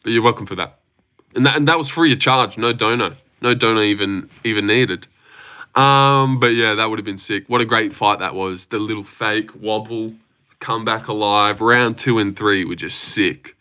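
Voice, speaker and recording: A man's voice: lowish voice, normal speed, sharp tone. A man chatting casually on a livestream, rambling, swearing freely and reading out chat messages. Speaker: livestream host.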